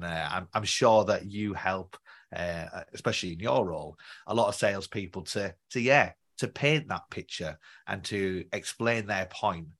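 A man's voice: on the low side, a bit bright. A man hosting a sales podcast, friendly, with lots of small hesitations and restarts. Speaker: podcast host. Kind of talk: podcast interview.

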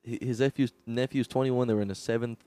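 A man's voice: mid-range voice, steady tone, quick pace, mellow, no room sound. A young man co-hosting a podcast, laughing often and bringing up crude news bits in casual chat. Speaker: podcast co-host.

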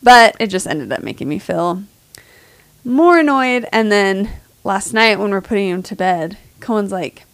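A woman in her thirties co-hosts a podcast in casual chat, with a soft voice that doesn't carry. She is self-deprecating and laughs often. The sound is dry and close. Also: mid-range voice, lively intonation, a little slow, no room sound. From United States. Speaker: podcast co-host.

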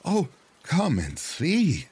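A man's voice: animated, measured pace, gravelly, a little mellow, breathy edge, heavily acted. A man voicing a greedy, nagging old fishwife in a storybook tale, speaking in a raised, insistent voice. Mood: delighted. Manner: shrill and insistent.

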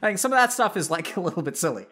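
A man, a psychiatrist, explaining in casual chat to a live audience, animated and full of filler words. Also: high voice, very fast. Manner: animated, filler-heavy, addresses audience directly. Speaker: psychiatrist and streamer host.

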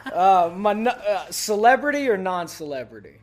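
A man's voice: high voice, sing-song, normal speed. A man in his thirties from Texas, a podcast guest telling profane, laughing stories in casual chat.

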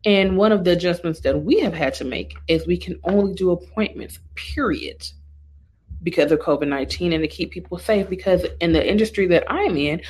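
A woman's voice: lowish voice, a little fast, husky. A woman and makeup artist ranting casually and sassily to her viewers. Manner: animated, sassy, talks straight to the viewer. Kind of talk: casual opinion rant.

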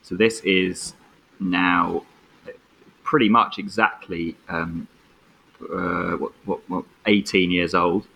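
Laid-back producer, late thirties, deep husky voice with a forceful edge. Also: male voice, fairly even intonation, slow pace, pauses often, low-quality recording. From United Kingdom. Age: 30s. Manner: laid-back, chuckles often. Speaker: podcast producer. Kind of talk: casual chat. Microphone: video call.

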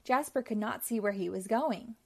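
A woman reading a children's storybook aloud, telling it clearly and expressively. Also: fairly high pitch, normal speed. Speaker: storybook reader.

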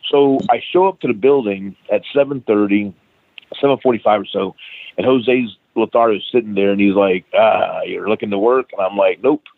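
Over a tinny line that sounds like a phone, a middle-aged man who trains wrestlers spins a casual, foul-mouthed anecdote as an interview guest, voicing each quoted line. He speaks at normal speed in a low, creaky voice with no room sound.

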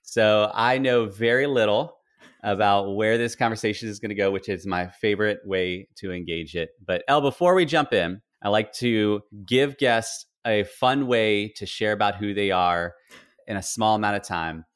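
A man's voice: on the low side, moderate pace, clear, resonant tone. A man from the United States hosting a podcast, chatty and playful with his guest. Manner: playful, chatty, laughs easily. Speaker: podcast host. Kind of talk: casual podcast interview.

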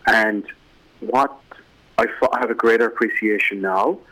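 A man's voice: fairly low pitch, fairly even intonation, normal speed, fairly bright tone, poor audio. A man with an Irish accent, a guest in a casual radio interview, rambling with many fillers and restarts. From Ireland.

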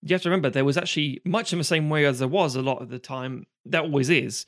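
A man's voice: a little high, fast, fairly bright tone, no echo, studio quality. A man, co-hosting a podcast, rambling and restarting often and swearing casually. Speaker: podcast co-host. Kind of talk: casual film discussion.

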